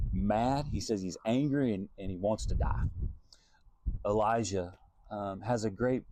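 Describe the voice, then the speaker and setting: A man's voice: fairly low pitch, dark tone, slight background noise. A man, a Christian singer-songwriter, giving an earnest, reflective devotional talk and thinking aloud as he goes.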